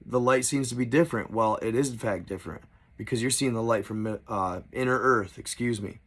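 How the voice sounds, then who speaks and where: A man's voice: mid-range voice, fairly quick, a bit bright. A man reading a diary aloud and stopping to explain and comment on it in a casual, conversational way. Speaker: storyteller.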